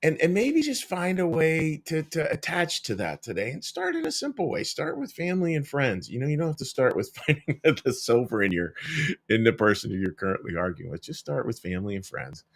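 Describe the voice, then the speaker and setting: A middle-aged male minister gives a gentle, conversational devotional reflection in an ordinary middle pitch. He often restarts mid-thought and warmly calls his listeners folks. He is recorded indoors in a small cabin room. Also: big pitch swings, fairly quick, gravelly. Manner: frequent restarts and searching for words. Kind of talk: daily devotional reflection to camera.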